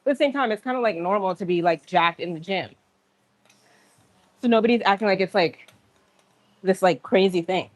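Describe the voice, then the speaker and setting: A woman's voice: medium pitch, moderate pace, long pauses, no room sound. A woman chatting casually on a livestream from the gym, telling stories in slang with laughs and acting out other people's lines. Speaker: livestream host.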